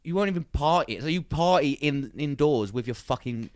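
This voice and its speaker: A young man ranting as a podcast guest, his voice sitting a little high and leaping up and down as he builds his complaints. He swears constantly in loose casual chat, and the recording sounds dry and close. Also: animated, a little fast, no echo.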